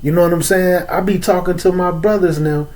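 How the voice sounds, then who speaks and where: A man from Chicago speaks in a casual, streetwise African American English accent, his voice sitting a little higher than most men's. He talks to his listeners like old friends, keeps dropping "man" into his sentences, and chuckles between points. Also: steady tone, fairly quick, a little mellow. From Chicago, USA. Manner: loose, streetwise, repeats "man" and "you know what I'm saying". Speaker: host. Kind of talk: casual religious talk to an audience.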